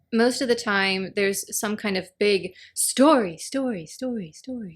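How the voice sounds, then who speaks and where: A woman giving a casual, animated spoken review of a TV episode, acting out the characters' lines as she retells scenes. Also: mid-range voice, gravelly.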